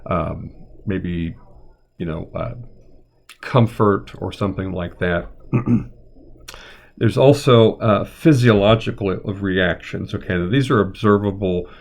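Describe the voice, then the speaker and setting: A middle-aged man with a lowish voice talks through a live-streamed lesson as a therapist. He rambles gently, thinking aloud and filling pauses with ums and uhs. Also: gravelly. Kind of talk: unscripted live-stream lecture.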